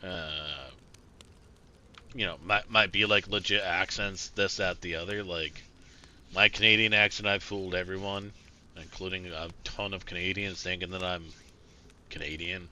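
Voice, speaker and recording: A man's voice: low-pitched, steady tone, moderate pace, sharp tone. A man streaming a survival role-play game, chatting casually and rambling with plenty of swearing and fillers. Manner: rambling and profane, many fillers and restarts. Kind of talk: casual gameplay commentary.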